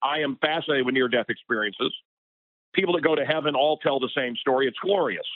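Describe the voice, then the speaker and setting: Over a tinny phone line with no room sound, a male radio personality talks fairly quickly in a mid-range voice. As the interview guest, he gets increasingly worked up and passionate during the heated conversation.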